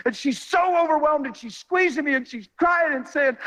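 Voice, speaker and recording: A man telling a testimony in a sermon, animated and folksy, building to excited exclamations. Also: very high voice, moderate pace, hardly any pauses, poor audio. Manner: colloquial, folksy phrasing.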